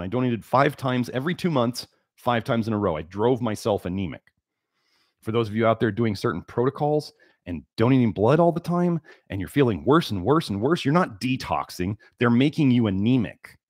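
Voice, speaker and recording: A man's voice: medium pitch, no room sound, studio quality. A man hosting a health livestream, lecturing emphatically and repeating key words for stress. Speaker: livestream host.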